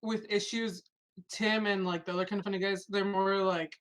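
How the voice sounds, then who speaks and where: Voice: mid-range voice, level tone, moderate pace, fairly bright tone. Co-host chatting, many fillers. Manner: supportive, filler-heavy. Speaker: podcast co-host. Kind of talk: casual chat.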